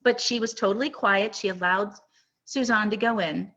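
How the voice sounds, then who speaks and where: A woman's voice: medium pitch, moderate pace, fairly bright tone, highs cut off. A woman hosting a live podcast, telling an emotional story in an earnest, rambling way. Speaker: podcast host.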